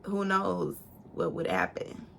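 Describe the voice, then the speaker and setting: Bright-voiced woman telling a wild story. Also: on the low side, slow, vocal fry. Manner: animated, swearing, acts out quotes in a raised voice. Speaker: storytime vlogger. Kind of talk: casual storytelling to camera.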